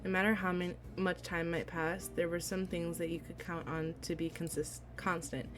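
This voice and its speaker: A woman streamer reading a visual novel aloud, excitable and giggly, with squealing reactions between read passages. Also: on the low side, normal speed, music in the background.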